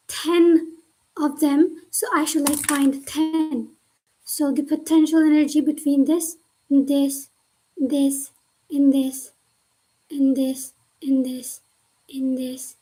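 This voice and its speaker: On a low-quality recording, a young woman with a high, warm voice thinks aloud during a study livestream. She mutters and half-whispers through problems in casual slang, swearing freely.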